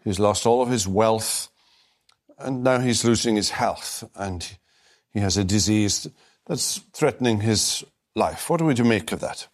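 A man giving a recorded Bible lecture, speaking deliberately and emphatically, slowing down to stress key phrases. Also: lowish voice. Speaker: Bible teacher.

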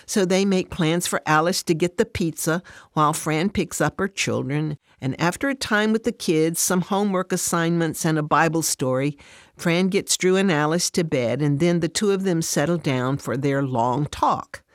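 A woman narrating a devotional story in a steady, measured way. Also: low-pitched, no room sound, studio quality.

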